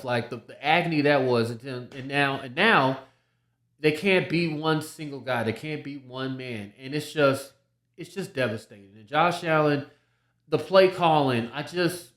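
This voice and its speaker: A man's voice: medium pitch, fairly bright tone, reverberant. A man hosting a solo sports podcast, talking casually, often repeating himself and restarting his sentences. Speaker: podcast host.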